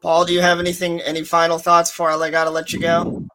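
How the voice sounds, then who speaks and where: A male host stepping in to calm a heated argument and wrap up the call. His voice is bright and forceful and sits slightly high. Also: quick pace, poor audio. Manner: trying to calm things down. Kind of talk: moderating a call.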